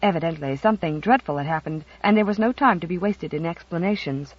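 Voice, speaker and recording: Audiobook reader, middle pitch, expressive storytelling, dry dull sound. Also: fast. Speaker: audiobook narrator. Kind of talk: scripted narration. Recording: dry, slightly muffled audio.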